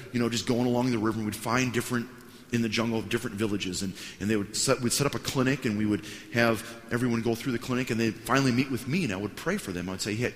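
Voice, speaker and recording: A pastor telling a lively story during a sermon, acting out the other people in it with big, loud voices. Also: male voice, medium pitch. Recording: hall reverb.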